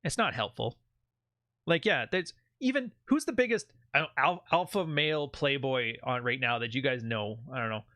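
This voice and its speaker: A man's voice: mid-range voice, animated, moderate pace, pushed and bright, no room sound, studio quality. A man hosting a channel, giving blunt, profane advice in a casual monologue. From Canada. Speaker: channel host.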